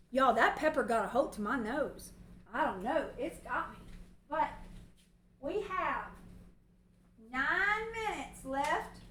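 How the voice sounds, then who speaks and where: A woman's voice: high voice, fairly bright tone, reverberant, a little hiss or hum, rough recording. A woman with a Southern US accent, hosting a cooking livestream from her home kitchen and chatting at length as she works. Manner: chatty and long-winded. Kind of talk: casual cooking demonstration. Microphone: movable mic near the stove.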